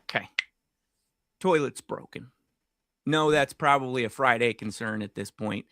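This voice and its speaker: A middle-aged man, co-hosting a podcast and telling an animated story in casual chat, swearing freely. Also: mid-range voice, measured pace, no room sound. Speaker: podcast co-host.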